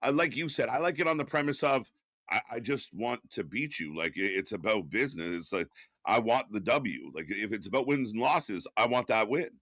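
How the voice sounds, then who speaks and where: Lively bright-voiced man co-hosting. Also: lowish voice, no room sound, clean studio sound. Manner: animated, laughs often, quick questions. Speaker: co-host. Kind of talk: live watch-along commentary.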